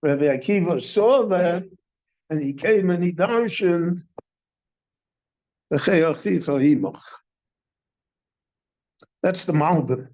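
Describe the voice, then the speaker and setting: An older rabbi teaches a Torah class at a very slow, measured pace. His voice sits somewhat high for a man, and he poses questions before answering them. The synagogue recording sounds dull and lo-fi. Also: animated, darkish tone. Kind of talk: slow, deliberate Torah lecture.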